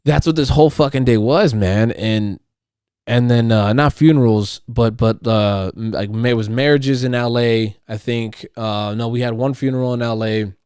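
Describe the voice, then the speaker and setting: A man's voice: medium pitch, moderate pace, smooth, no echo. Guy ranting on his own podcast at home, swears a lot, goes in circles, dead dry sound. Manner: profane, rambling, repeats and restarts; riled up and loud when ranting. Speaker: podcast host. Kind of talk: casual monologue. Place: at home, household noise nearby.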